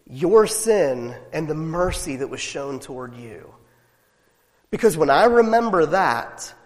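Male pastor, animated sermon delivery, fairly high voice, long echoing hall. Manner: animated, emphatic preaching with rhetorical questions.

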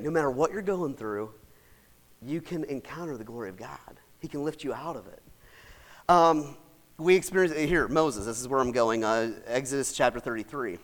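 A man preaching a sermon in a folksy, chatty way, laughing often and swinging from shouts to soft asides. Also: a little high. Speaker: pastor.

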